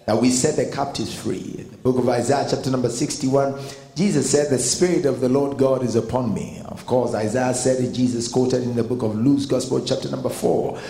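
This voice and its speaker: A man's voice: medium pitch, steady tone, a little fast, gravelly, mellow. A Ghanaian man with a Ghanaian accent preaching a sermon as pastor, emphatic and building in force. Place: church hall. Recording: echoey hall with long reverb.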